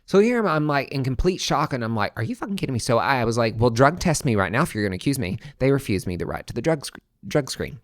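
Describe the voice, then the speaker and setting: A young adult man, a podcast host, telling a personal story in a casual way, swearing freely and swinging between hushed and excited. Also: mid-range voice, fast talker, dry recording, clean studio sound.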